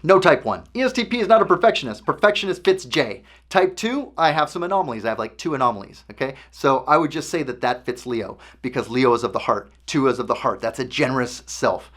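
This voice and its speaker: A man's voice: medium pitch, lively intonation, fast talker, hardly any pauses, fairly bright tone. A man hosting a casual explanatory talk, conversational and often checking in with the listener. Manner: conversational, keeps checking in with "okay?". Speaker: host.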